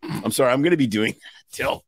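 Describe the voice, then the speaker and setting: A man's voice: medium pitch, expressive, a little fast, dry recording. A man co-hosting a podcast, playfully riffing in casual chat and repeating himself for emphasis. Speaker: podcast co-host.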